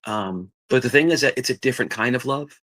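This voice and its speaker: A man's voice: mid-range voice, quick pace, fairly bright tone. Rambling middle-aged man telling stories. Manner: rambling, repeats himself, acts out quoted voices. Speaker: podcast guest telling family stories. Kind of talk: casual chat.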